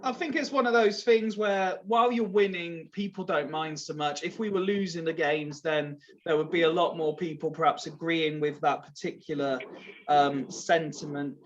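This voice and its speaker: A man's voice: high-pitched, muffled recording, a little hiss or hum. A man hosting a casual fan podcast who steers the chat with questions in an easygoing way. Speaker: podcast host.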